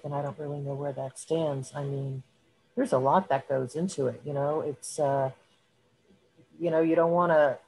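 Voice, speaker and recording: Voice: medium pitch, darkish tone, rough recording. Brief: casual meeting voice, hedging, lots of fillers. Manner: hesitant, filler-heavy, self-deprecating. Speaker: meeting participant. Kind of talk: casual chat.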